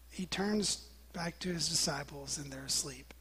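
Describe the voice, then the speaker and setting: Breathy male preacher, animated sermon. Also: on the high side, measured pace. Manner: animated storytelling, acting out quotes, dropping to whispers.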